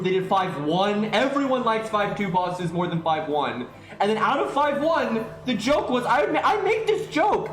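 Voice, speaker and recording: A man's voice: high-pitched, echoey room. A man streaming live, ranting in exasperation about a game, swearing and restarting his sentences as he goes.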